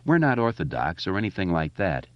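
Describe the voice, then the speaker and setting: A man voicing a quiet, mild-mannered boy who speaks calmly in an audiobook. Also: low voice, a little fast, no room sound, highs cut off. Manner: quiet and calm.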